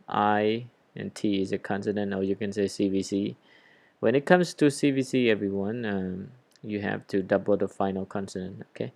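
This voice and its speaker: Male English teacher, lowish gravelly voice, dry close sound; explains step by step, spells out letters, keeps checking in with students. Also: a little mellow, no echo. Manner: stresses key words, often checks in with "okay?" and "all right?". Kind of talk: online grammar lesson.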